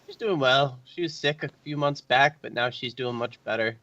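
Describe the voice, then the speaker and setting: A man's voice: mid-range voice, bright, forceful tone, close to an everyday voice. Man playing a good-natured young soldier. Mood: friendly. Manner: halting, many fillers. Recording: dry, dull mic.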